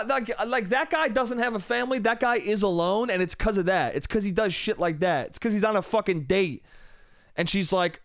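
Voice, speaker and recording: A man's voice: high-pitched, fairly bright tone, dry recording, studio quality. A young man hosting a solo podcast, ranting with profanity and exasperation, now and then mimicking other people. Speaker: podcast host. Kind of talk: solo comedic rant.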